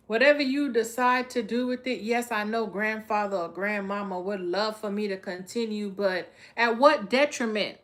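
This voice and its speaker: A woman doing a live tarot reading, speaking. She is blunt and profane, talking to viewers in a streetwise, no-nonsense way. Her voice sits at a middle pitch. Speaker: tarot reader.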